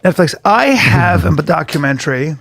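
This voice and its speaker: A man hosting a podcast, bantering deadpan and playing along with mock seriousness. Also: on the high side, moderate pace, vocal fry, dry recording. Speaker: podcast host.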